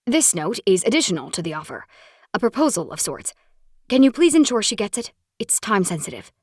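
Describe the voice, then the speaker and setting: A woman's voice: medium pitch, big pitch swings, fairly quick, husky, no room sound, clean studio sound. A woman reading a stiff male developer. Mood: formal. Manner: clipped, formal and curt. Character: terse male property developer, stiff and businesslike.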